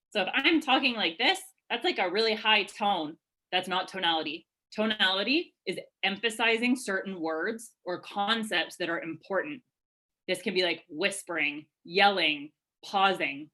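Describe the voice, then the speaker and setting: Bright, chatty woman coaching a webinar. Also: mid-range voice, moderate pace, low-quality recording. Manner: energetic, chatty, many fillers. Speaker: webinar presenter answering questions. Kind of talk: live webinar Q&A, casual coaching. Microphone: webcam video call.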